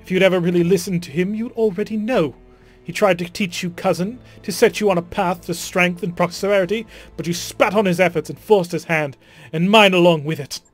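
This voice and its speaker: A man's voice: high-pitched, fairly even intonation, fairly quick, faint music behind. A man doing a sneering British villainess. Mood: defiant. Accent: British (put on). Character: scheming imprisoned noblewoman villain, gloating and cruel. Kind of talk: dramatic reading of game dialogue.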